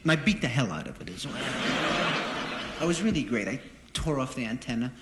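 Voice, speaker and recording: A man doing a stand-up monologue in front of an audience, telling deadpan, self-deprecating stories. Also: medium pitch, fairly quick. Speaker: stand-up comedian. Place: live venue with an audience. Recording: roomy live recording with noise. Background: audience laughter.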